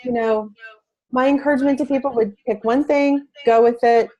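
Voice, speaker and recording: A woman's voice: a little high, steady tone, moderate pace, a little mellow, highs cut off. A middle-aged woman, a parent advocate, talking earnestly as an interview guest, with frequent restarts. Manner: earnest, talkative with many restarts. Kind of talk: interview talk.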